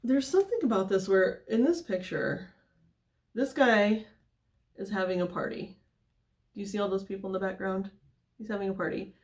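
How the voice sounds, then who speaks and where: A woman's voice: mid-range voice, moderate pace, long pauses, a little mellow. A woman giving a casual tarot reading, talking in a loose, rambling way full of fillers and tangents. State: somewhat out of breath. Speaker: tarot reader.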